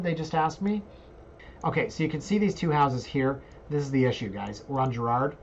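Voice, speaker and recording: A man in his forties, a realtor, talking casually over a screen share, joking, and breaking into squeaky asides. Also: animated, quick pace, highs cut off, slight background noise. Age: 40s.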